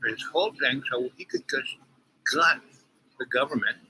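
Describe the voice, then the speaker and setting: A man's voice: medium pitch, normal speed, sharp tone, slight background noise, rough recording. Rambling man talking while eating. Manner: talks with his mouth full, eating breakfast; rambling, opinionated, digressive. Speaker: online show host. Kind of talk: rambling political commentary.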